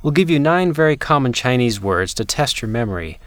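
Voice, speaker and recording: A man narrating a language lesson from a script, with measured, clear enunciation and demonstrated intonations. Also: mid-range voice, very animated, no room sound, studio quality.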